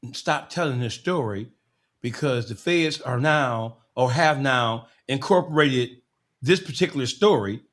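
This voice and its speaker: A podcast host on a heated, profane rant, mocking his target with relish. His voice is high and swings widely in pitch, rising and dropping as he works himself up. The tone is excitable throughout.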